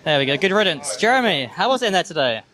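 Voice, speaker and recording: A man interviewing fighters after a bout, calm and placating, with a light teasing edge. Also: high voice, fast. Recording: crowd chatter behind.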